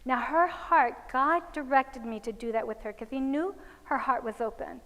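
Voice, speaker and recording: A woman's voice: high voice, normal speed, fairly bright tone, big-room sound, rough recording. A woman giving a religious parenting seminar, telling anecdotes and acting out the voices of the people in them. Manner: storytelling, acts out quoted voices of children and parents. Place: seminar hall.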